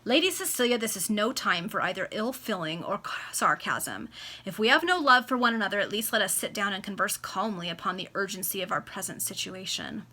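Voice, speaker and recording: A woman's voice: medium pitch, very animated, brisk, sharp tone. A woman reading aloud the part of a desperate, flushed baronet pleading with his wife, in an amateur read-aloud of a classic novel. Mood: urgent pleading. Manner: urgent, pleading. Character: flushed, desperate middle-aged baronet husband.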